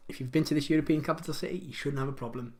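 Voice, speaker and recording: A man's voice: on the high side, very fast, darkish tone. A man hosting a pub quiz live from home, chatty and rambling, joking about his own pronunciation as he reads out the questions.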